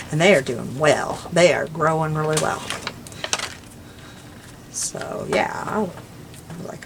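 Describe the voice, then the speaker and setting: An older woman with a lowish voice chats as she crafts, wandering from one story to the next. Her talk is relaxed and homey, with soft laughs. A faint hiss of noise sits under the recording. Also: slow, pauses often. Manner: chatty, rambling, warm little laughs. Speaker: crafting vlogger. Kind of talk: casual chat while crafting.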